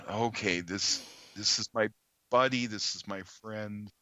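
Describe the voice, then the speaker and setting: A man, a podcast guest, earnestly telling a story in conversation, halting with many ums and restarts. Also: on the low side, pushed and bright, no room sound.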